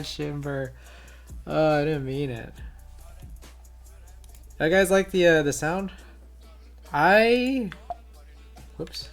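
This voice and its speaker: A man streaming live, chatting casually with viewers while typing on a keyboard he built. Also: fairly high pitch. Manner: laid-back, talks to chat while typing.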